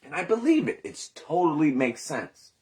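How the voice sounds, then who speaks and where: A man's voice: on the high side, big pitch swings, moderate pace, darkish tone. A man in recovery telling his story in a candid, rambling monologue, swearing often and questioning himself aloud. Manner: rambling, profane, self-questioning.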